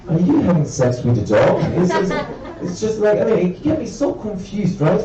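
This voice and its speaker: A young Italian man with an Italian accent performs stand-up on a comedy club stage before an audience, speaking at normal speed. He's animated, acting out characters with big pitch jumps, captured in roomy, dull live sound from a distance with slight background noise.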